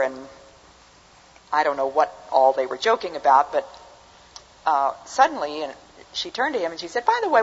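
A woman's voice: low voice, slightly rough. An older woman giving a talk to an audience, telling stories with dry humor. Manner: dry, humorous anecdotal delivery. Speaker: speaker. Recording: muffled hall recording with long reverb.

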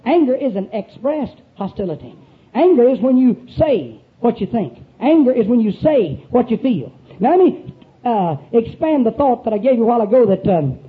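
A man preaching a sermon in a folksy, emphatic way, often putting questions to the congregation. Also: very high-pitched. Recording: tinny phone-like recording.

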